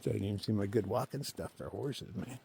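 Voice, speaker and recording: A man talking casually to his camera while hiking a forest trail, chatty and opinionated, thinking out loud to himself. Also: on the low side, a little fast, gravelly. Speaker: solo thru-hiker filming his hike. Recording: faint outdoor noise behind the voice.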